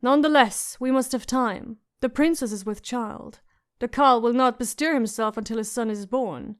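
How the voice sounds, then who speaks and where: Lady narrator doing a fat foreign merchant guy, liquid accent, sly and coaxing, bit high. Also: normal speed, lightly acted. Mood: scheming.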